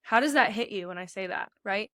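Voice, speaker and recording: A woman's voice: medium pitch, brisk, no echo, studio quality. A young woman and pageant coach giving emphatic podcast advice, addressing listeners directly, heavily pregnant and a little out of breath. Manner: energetic, emphatic, addresses listeners as "you guys".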